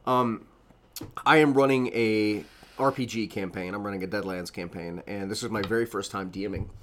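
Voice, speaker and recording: Male podcast co-host, bright, forward tone, rambling and animated delivery. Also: lowish voice, normal speed, slight background noise. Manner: rambling, animated, laughs often. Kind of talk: casual chat.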